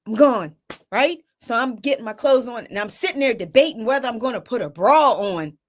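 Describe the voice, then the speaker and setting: A woman's voice: on the high side, expressive, fairly quick. A middle-aged woman hosting a live stream, telling a personal story in a dramatic, emotional way, full of restarts and tag questions, picked up by a phone or webcam. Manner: dramatic, reliving the moment.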